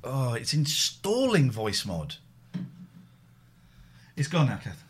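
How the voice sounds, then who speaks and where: A man's voice: medium pitch, wildly swooping pitch, slow, breathy edge. A man co-hosting a podcast, chatting casually and joking while fiddling with a voice app. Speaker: podcast co-host. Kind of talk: casual chat.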